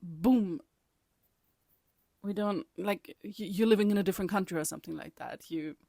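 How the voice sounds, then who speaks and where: A woman casually telling a personal story in her vlog, rambling and animated, often laughing and sometimes dropping to a whisper. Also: mid-range voice, normal speed, creaky, no room sound, clean studio sound. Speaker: vlogger.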